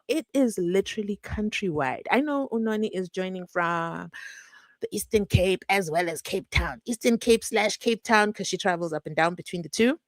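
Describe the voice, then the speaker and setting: A woman's voice: mid-range voice, no room sound. A woman hosting a true crime channel, chatting casually and animatedly with her live-stream viewers. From South Africa. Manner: animated, chatty, breaks into laughs and asides.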